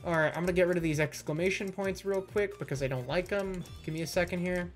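A man's voice: high voice, fast talker. A man giving let's-play commentary, sarcastic and critical as he rants about the game he is playing. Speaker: gaming YouTuber. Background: faint game music.

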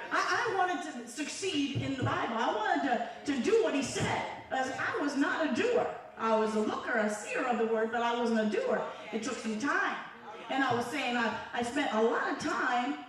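A woman evangelist giving a conversational sermon full of testimony, with call-and-response asides to the congregation. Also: sits high. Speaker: evangelist preacher. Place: church sanctuary. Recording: echoey church filmed from far off. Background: congregation audible.

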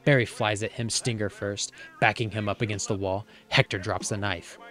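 A man's voice: fairly low pitch, fairly even intonation, moderate pace, sharp tone, soft background music. A man reading a movie script's stage directions aloud for comedy, now and then tripping over words.

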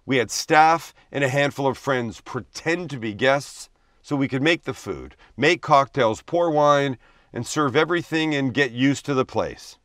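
A man's voice: mid-range voice, a little slow, a bit bright, a little hiss or hum. A man, hosting a cooking show and narrating in a wry, self-deprecating voice-over. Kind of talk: voice-over narration with dry jokes.

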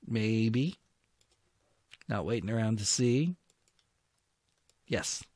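A man's voice: on the low side, lively intonation, unhurried, long pauses, no room sound, clean studio sound. A man commentating his own strategy war game, talking to his units and grumbling when attacks go wrong. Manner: muttering, self-talking, grumbling at setbacks. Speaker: gameplay commentator.

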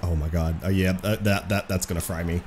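A young man giving excitable, profane live commentary over his own football video game match, trash-talking his opponent. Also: deep voice, a little fast, a little hiss or hum. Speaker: gaming streamer.

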